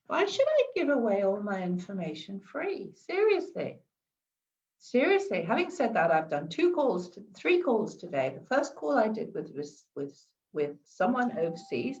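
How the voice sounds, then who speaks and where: A woman's voice: medium pitch, gravelly, a little mellow, distant mic, muffled recording. A woman giving chatty advice in a live stream, often repeating and restarting words. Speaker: wellness coach.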